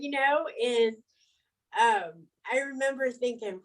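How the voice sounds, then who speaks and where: A middle-aged woman speaking as an interview guest, her voice sitting somewhat high. She tells her story frankly in an animated, conversational way, breaking into laughter between words. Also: normal speed, poor audio.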